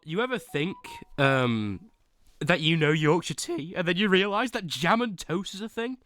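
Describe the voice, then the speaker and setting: A man's voice: sits high, a bit bright, dry recording, studio quality. A young man streaming casual chat, ranking teas with whiny pleading and sudden dramatic outbursts.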